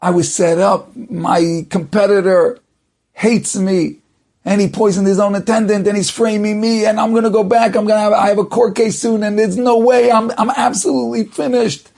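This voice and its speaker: A man's voice: high voice, level tone, unhurried, gravelly, warm tone, voice pushed up, exaggerated voice. A man voicing a frightened grain merchant who pleads desperately about being framed. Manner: pleading, panicked.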